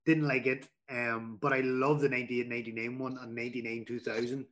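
A man's voice: mid-range voice, little pitch movement, fairly quick, fairly bright tone. A man co-hosting a casual podcast, talking in an easygoing way with a few fillers. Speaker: podcast co-host.

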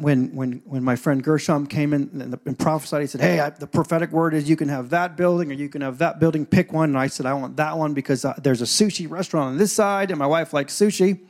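His voice sits on the high side as he preaches to his congregation. The pastor acts out scenes within his stories, alternating soft asides with loud declarations.

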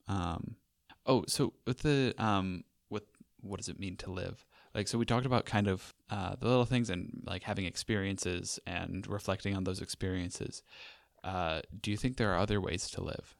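A man's voice: deep voice, moderate pace, creaky, no room sound, studio quality. A young man hosting a podcast, talking casually in a rambling, wry way with lots of fillers. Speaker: podcast host. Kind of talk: casual conversational chat.

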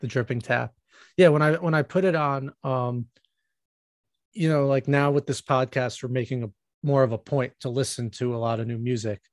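A man's voice: mid-range voice, fairly even intonation, moderate pace, dry recording, studio quality. A man co-hosting a music podcast, chatting casually and rambling with many fillers and restarts. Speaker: podcast co-host.

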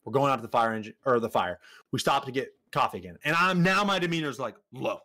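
A man's voice: medium pitch, quick pace. A young man co-hosting a podcast, telling a story in casual chat, swearing often and acting out the lines of the people in it. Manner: animated, swears often, acts out quotes. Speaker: podcast co-host.

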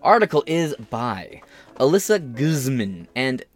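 A man's voice: mid-range voice, sing-song, a little slow, faint music behind. A man hosting a podcast, giving sarcastic, profane and rambling commentary on the news. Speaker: podcast host.

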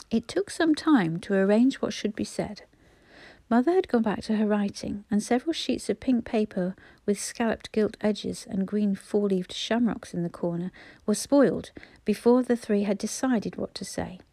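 A woman reading a children's storybook aloud, gently voicing the children's lines. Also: medium pitch, normal speed, creaky, dry recording. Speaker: audiobook narrator.

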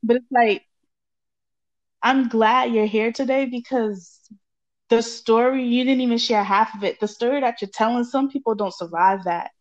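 A woman's voice: fairly high pitch, normal speed. Affirming woman podcast host, lo-fi. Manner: warmly affirming, frequent encouraging interjections. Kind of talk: casual podcast conversation. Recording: dull lo-fi sound.

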